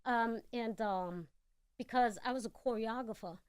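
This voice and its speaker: A woman's voice: on the high side, measured pace, smooth, no echo. A woman with a New York accent, a guest actor telling her story in a blunt, candid way in a casual radio interview. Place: radio studio.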